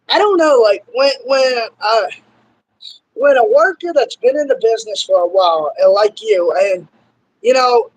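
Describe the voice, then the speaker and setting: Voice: medium pitch, rough recording. A young interviewer in their twenties, rambling eagerly as a fan of the guest in casual chat. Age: 20s.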